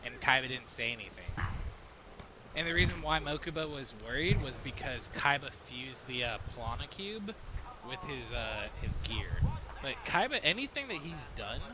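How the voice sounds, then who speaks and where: A man's voice: medium pitch, very animated, normal speed, background noise. A man chatting casually with friends while gaming, rambling and laughing often, swearing casually. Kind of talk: casual chat.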